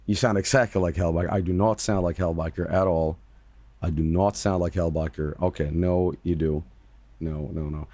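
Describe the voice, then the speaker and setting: This man's voice sits low and carries a darkish tone, recorded with no echo. He's a streamer and voice actor in casual livestream chat, talking with emphasis, going over the same points again and cursing freely.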